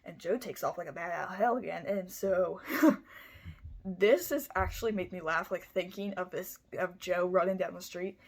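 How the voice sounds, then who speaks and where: A woman's voice: fairly low pitch, moderate pace, hardly any pauses. A woman telling a true-crime story in a casual, rambling way, swearing freely and filling her talk with "like" and "you know". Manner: animated, acts out the people in her story.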